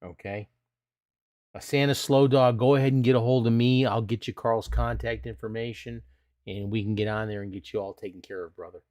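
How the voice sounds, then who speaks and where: A man's voice: mid-range voice, fairly even intonation, a little fast, a little mellow. A middle-aged man hosting a casual live stream, chatting in a folksy way and reading out viewer questions.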